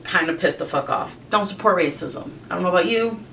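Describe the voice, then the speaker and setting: This vlogger's voice is low and gravelly yet fairly bright, and she talks briskly as she does her makeup. She's a young woman venting in a profane, exasperated rant. She's recorded from a distance, a little back from the camera mic, with a faint rumble underneath.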